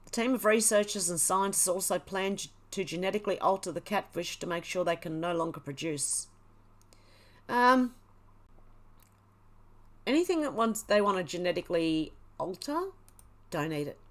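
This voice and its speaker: A woman's voice: fairly low pitch, expressive, moderate pace, pauses often. Chatty woman hosting a livestream. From Australia. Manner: chatty, exclaiming, laughs often. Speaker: livestream host. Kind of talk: casual livestream chat, reading news and comments.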